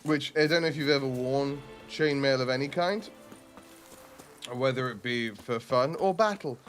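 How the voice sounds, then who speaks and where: A man's voice: medium pitch, moderate pace, a bit bright, faint music behind. A man streaming a role-playing game, chatting casually and rambling with self-mocking asides.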